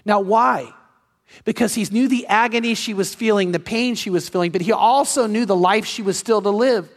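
A pastor with a notably high, light voice preaches at normal speed, earnestly recounting a personal story and hammering his points home through repetition. His words ring out with a long, lingering reverb, like in a large church sanctuary.

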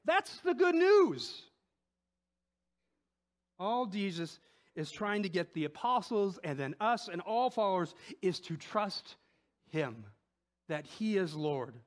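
A man preaching a sermon in a conversational way, often asking "right?", swinging between loud emphatic peaks and soft low asides. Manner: conversational, with frequent rhetorical "right?".

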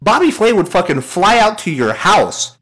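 Man, casual podcast co-host, swings his pitch a lot, laughs often, swears. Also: moderate pace, soft background music. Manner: animated, laughing, swearing, mimics people in quotes. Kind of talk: casual chat.

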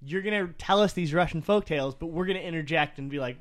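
A man with an Iowa accent co-hosting a podcast, telling a story in a rambling, animated way with many fillers. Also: fairly high pitch, fast talker. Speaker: podcast co-host. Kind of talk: casual storytelling chat.

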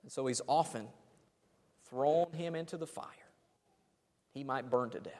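A man's voice: mid-range voice, measured pace, darkish tone. Preaching man in a reverberant hall. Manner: dramatic, phrases fading off to near silence. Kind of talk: sermon.

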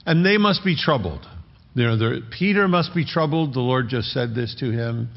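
A man as pastor, preaching a sermon in an earnest, measured way and repeating key phrases. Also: medium pitch, animated, creaky. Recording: dull lo-fi recording with long hall reverb.

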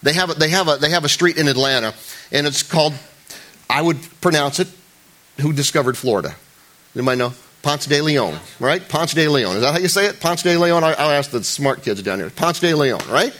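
A pastor delivers a sermon to his church congregation in a conversational way, joking with the crowd and frequently restarting his sentences. His voice climbs loud and high when he wants to stress a point, and he speaks animatedly at a fairly quick pace.

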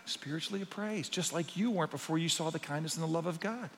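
A man preaching a sermon as pastor, swinging between quiet, intimate passages and loud, emphatic ones. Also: on the high side, fast, few pauses, big-room sound.

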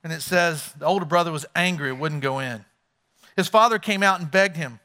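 A man's voice: fairly high pitch, a little fast, pushed and bright. A man preaching a sermon on a Bible parable, acting out the characters' lines as he retells the story. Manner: acts out the story's characters in voices. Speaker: pastor.

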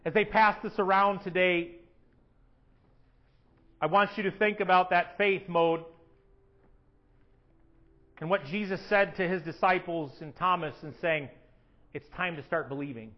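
A man preaching a sermon as a pastor, animated, acting out prayers in a raised voice. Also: sits high, unhurried, long pauses, highs cut off. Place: church sanctuary.

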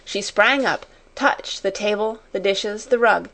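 Slow, measured woman narrating a storybook. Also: mid-range voice, a bit bright. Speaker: audiobook narrator.

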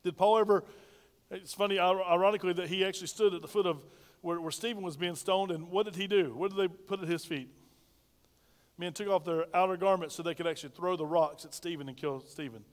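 A man's voice: sits high, fairly even intonation, a little fast, in a large hall. A male pastor preaching a sermon, calling on the congregation to repeat lines after him. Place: church sanctuary.

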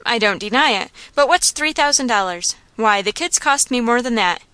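A woman voicing a rough, insolent male saloon keeper who talks in a coarse, sly, slangy way. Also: a little high, lively intonation, moderate pace, bright, forceful tone, no room sound.

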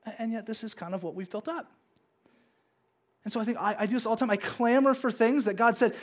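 Speaking very quickly and at a very high pitch, this man in his thirties preaches informally to a congregation at a church service. As the pastor, he has fun voicing his children and God, raising his voice for each.

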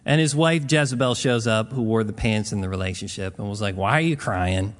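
A man's voice: lowish voice, fairly even intonation, a little fast. A man preaching a Bible teaching in a casual, conversational way, retelling scripture stories in plain modern words.

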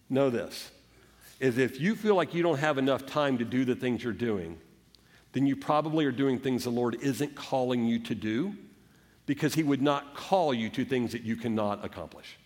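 A man's voice: mid-range voice, animated, moderate pace, a little mellow, in a large hall. A man preaching a sermon as pastor, earnest, sometimes acting out the voices of doubters and of Jesus. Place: church sanctuary.

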